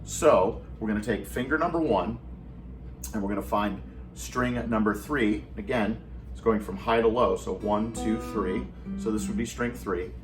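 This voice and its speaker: A man gives a guitar lesson at home, explaining each finger placement patiently and counting the rhythm aloud. His voice sits on the low side. He is picked up from some distance from the mic, with the guitar plainly heard alongside him. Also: moderate pace. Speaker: guitar instructor.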